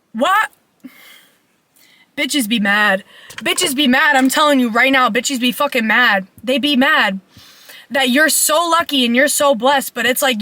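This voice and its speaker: A woman's voice: high voice, bright, forceful tone, dry recording. A young woman life coach ranting bluntly and profanely in a casual vlog.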